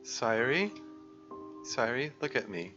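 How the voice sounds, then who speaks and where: A man voicing a caring, earnest teenage girl, club president, speaking in a gentle, pleading, concerned way. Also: medium pitch, animated, slow, dull audio, over music, voice pushed up. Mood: worried.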